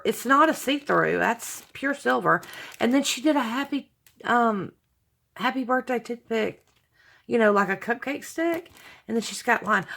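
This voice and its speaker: A woman's voice: a little high, animated, measured pace, gravelly, a bit bright. A woman, hosting her channel and chatting to viewers as she opens gifts, gushing and sentimental with frequent exclamations. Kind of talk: casual unboxing chat to viewers.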